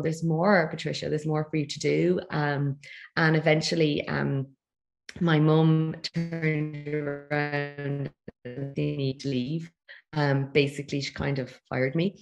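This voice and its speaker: A woman in her thirties talks as a podcast guest, her low voice carrying a gravelly fry. She tells her story in a chatty way, with quick asides and frequent laughs. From Ireland. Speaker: podcast guest, feng shui expert. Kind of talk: casual interview chat.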